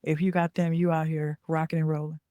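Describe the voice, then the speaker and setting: A woman's voice: sits low, level tone, fairly quick, warm tone, dry recording, highs cut off. Chatty woman with a dry, close sound. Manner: chatty, checks in with frequent "okay?"; corrects herself mid-sentence. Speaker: podcast host and business coach. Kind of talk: casual talk.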